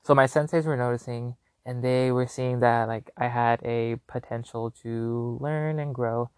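A young man chats through a personal story on his own podcast, loose and animated, circling back with lots of fillers. His voice sits in an ordinary middle register, and the sound is dry and close with no room around it. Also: medium pitch, unhurried, clean tone, no echo. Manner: animated, rambling, filler-heavy. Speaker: podcast host. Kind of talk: casual storytelling.

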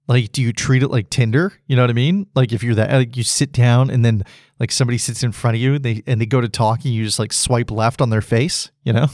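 A man's voice: mid-range voice, steady tone, fast, a little mellow, no echo, studio quality. A man hosting a solo podcast, rambling casually and laughing at his own jokes. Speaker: podcast host.

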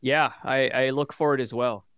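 A man who is a guest on a podcast, chatting casually in a halting way with many fillers. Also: mid-range voice, steady tone, a bit bright, smooth, no echo, studio quality. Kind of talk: casual chat.

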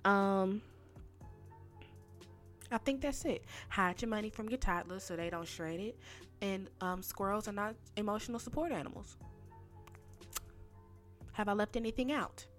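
A woman hosting a podcast, ranting casually and talking straight to her listeners in animated, slangy speech. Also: medium pitch, unhurried, long pauses, soft background music. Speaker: podcast host.

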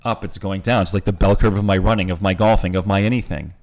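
A man in his late forties chats on a podcast in a lowish voice, candid and joking. He swears easily and keeps a loose, conversational flow. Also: fairly even intonation, fast talker, a little mellow. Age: 40s. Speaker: podcast host. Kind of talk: casual podcast chat.

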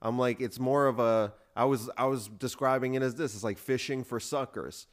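A man's voice: medium pitch, steady tone, normal speed. Rambling man telling a story. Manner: rambling, acts out other people's lines with "he's like"; frequent restarts and filler words. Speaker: podcast host. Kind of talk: casual solo storytelling.

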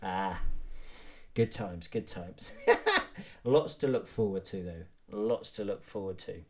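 A man's voice: low-pitched, slow. Swearing man doing comic rants. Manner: rambling, swearing, matey banter. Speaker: podcast host. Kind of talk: comic monologue.

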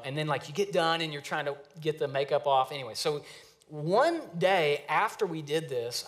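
A man in his thirties preaching a sermon in a conversational, storytelling way with lively asides. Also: a little high. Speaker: pastor.

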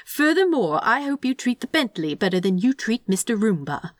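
Storybook reading: a woman doing a fussy, sweet male angel, high and lilting, prim. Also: big pitch swings, normal speed, no room sound, studio quality. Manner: prim, tutting, affectionate.

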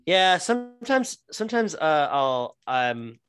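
A man's voice: on the high side, sing-song, fairly bright tone, faint music behind. Rambling, cursing man on a podcast. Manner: rambling, profane, halting restarts. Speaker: podcast co-host. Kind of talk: casual podcast chat.

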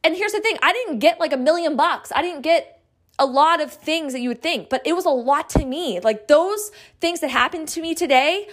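A woman podcast host telling a personal story in a casual, excitable, chatty way, acting out the quoted lines. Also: high-pitched, moderate pace.

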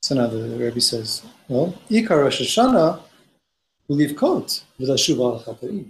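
A man's voice: mid-range voice, very animated, unhurried. A man teaching a Torah study class, reading Hebrew passages aloud and explaining them in English with frequent restarts. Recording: roomy echo, faint noise.

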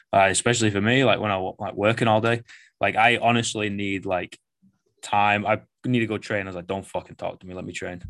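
Mancunian male fitness coach, low deep voice, blunt, lots of fillers and swearing; casual podcast guest. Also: fairly bright tone. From Manchester, England. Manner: blunt, swears a lot, rambling with many fillers.

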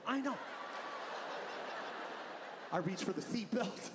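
A middle-aged man doing stand-up comedy on an arena stage, telling an animated story, acting out family members and sound effects, swearing often and shouting punchlines. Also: very high-pitched, a little fast. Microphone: handheld stage mic. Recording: live arena show with crowd noise.

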